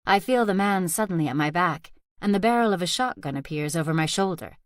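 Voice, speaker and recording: A woman reading a first-person thriller audiobook aloud as narrator in a soft, steady whispered role-play. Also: lowish voice, a little fast, dry recording, studio quality. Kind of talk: scripted narration.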